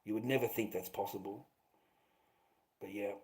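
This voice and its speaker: A man's voice: lowish voice, fairly even intonation, normal speed, darkish tone, rough recording. A man chatting to his livestream viewers, rambling and swearing, calling them mate and bro. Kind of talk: casual livestream chat.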